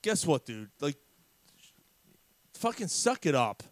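A man's voice: a little high, very animated, slow, dry recording. A man hosting a casual sports chat, blunt and profane, steering the show from topic to topic. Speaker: podcast host.

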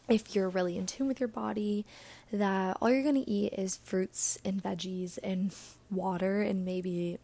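A young woman hosting a casual solo podcast, chatty and earnest, sounding a bit out of breath and breathy, with words often trailing off into a whisper. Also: medium pitch, dark tone. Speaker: podcast host.

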